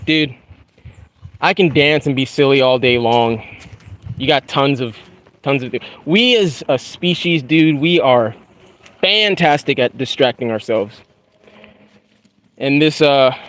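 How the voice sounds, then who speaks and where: A young man talks as he walks a wooded trail outside, loose and easygoing, dropping dude and bro into nearly every thought. His voice sits in an ordinary middle pitch, relaxed and unforced. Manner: laid-back, slangy, says dude and bro a lot. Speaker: YouTuber. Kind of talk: casual spiritual talk while walking.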